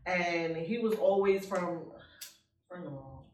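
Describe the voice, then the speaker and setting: A woman's voice: lowish voice, slow. Blunt, cursing young woman in an echoey room. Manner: blunt, profane storytelling, acting out quoted lines. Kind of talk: candid casual chat. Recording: echoey room, mic at a distance.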